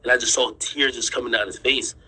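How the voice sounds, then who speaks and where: A man's voice: medium pitch, steady tone, a little fast, bright, forceful tone, breathy edge, poor audio. A man telling his viewers a story in casual chat, insistent, repeating himself and swearing freely as he explains. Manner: draws on screen while explaining. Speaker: streamer and commentator.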